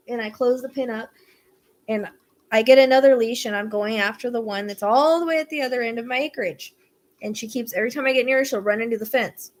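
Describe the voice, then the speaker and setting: A woman talks casually to her audience, rambling through a story with exasperated asides and the odd swear. Her voice sits a little high. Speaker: psychic podcast host. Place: rural property with acreage.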